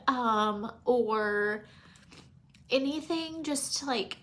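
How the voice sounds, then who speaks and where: A woman around forty, teary and emotional, rambling casually while doing her makeup at home and sometimes dropping to soft near-whispers. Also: high voice, very slow. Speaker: makeup vlogger.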